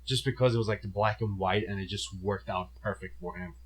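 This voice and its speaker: A young man co-hosting a casual movie review, relaxed and blunt in his opinions. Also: lowish voice, fairly quick, slightly rough. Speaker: co-host of a movie review show.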